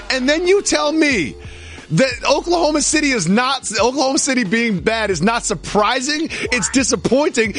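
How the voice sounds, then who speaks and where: A man co-hosting a sports podcast, bantering and ranting with mock outrage. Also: normal speed. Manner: animated, mock-outraged, high-energy ranting. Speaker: podcast co-host.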